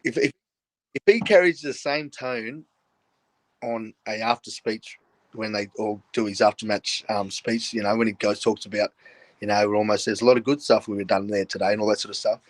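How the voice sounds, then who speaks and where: A man's voice: on the low side, steady tone, moderate pace, no room sound. An older Australian man, a guest, telling stories frankly in casual chat and laughing often, joining over a video call. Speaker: guest, former rugby league player.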